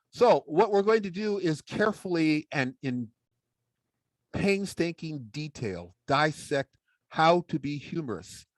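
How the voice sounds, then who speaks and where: A man giving a humorous speech in a playful, mock-serious way. His voice is a little high and very animated. The sound is dry and close. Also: no echo. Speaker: public speaking champion giving a talk.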